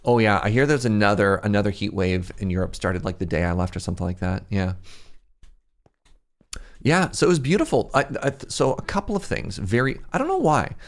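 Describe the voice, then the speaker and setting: This young man from Canada has a lowish voice with big pitch swings and talks fairly quickly. He's streaming a game, rambling in casual chat and often laughing at himself.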